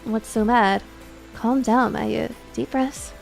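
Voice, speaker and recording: A woman voicing a stern young nun who answers in a flat, measured, deadpan way, reading a game's dialogue on stream. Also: fairly high pitch, creaky, faint music behind, exaggerated voice, rough recording.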